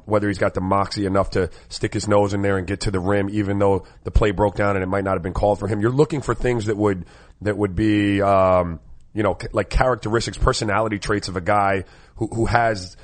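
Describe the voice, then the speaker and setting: Brief: male ex-basketball co-host, low voice, relaxed, conversational, steers the show. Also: brisk. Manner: conversational, moves the segments along. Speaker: co-host, former basketball player. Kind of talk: casual sports talk.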